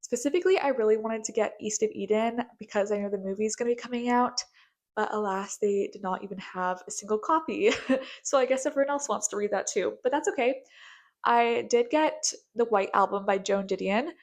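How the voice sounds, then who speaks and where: A woman's voice: mid-range voice, a little fast. A young American woman chatting casually in a bubbly, gushing way, with lots of filler words. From United States. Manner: bubbly, gushing, filler-heavy with frequent likes. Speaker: book vlogger. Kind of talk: casual chat.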